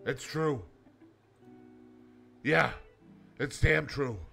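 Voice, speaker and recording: A man hosting a comedic daily segment as a loud, over-the-top showman persona, hammering his points home. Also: on the high side, very slow, gravelly, soft background music. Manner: loud, showman, mock-emphatic. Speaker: host.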